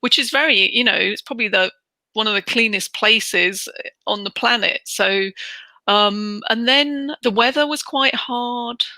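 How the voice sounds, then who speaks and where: A middle-aged woman from the United Kingdom talks in a chatty, animated way as an interview guest. Her voice is bright and lively. The sound is dry and close, with little room in it. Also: a little high, unhurried, dry recording. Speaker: interview guest, relocation trainer. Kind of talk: casual interview chat.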